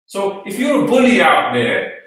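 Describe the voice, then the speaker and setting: A man telling an animated story as an interview guest, acting out the other people's lines in quotes. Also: high voice, normal speed, distant mic. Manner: retells the scene, voicing each person in quoted lines. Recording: echoey room, speaker off-mic.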